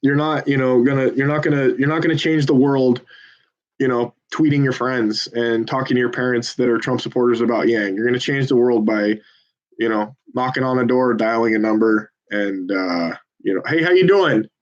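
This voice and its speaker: A man's voice: medium pitch, steady tone, normal speed, dull audio. A man volunteering at a phone bank, chatting casually to viewers between calls in a rambling, profane, self-deprecating pep talk.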